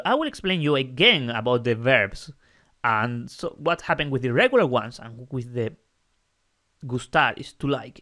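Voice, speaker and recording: A man teaching Spanish in an online lesson, reading a short text slowly and patiently explaining the grammar. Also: medium pitch, a bit bright.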